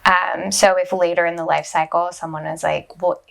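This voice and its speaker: Gravelly-voiced woman sex therapist explaining. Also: lowish voice, flat delivery, moderate pace, a bit bright. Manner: emphatic, explanatory, often says "a thousand percent". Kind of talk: casual podcast interview.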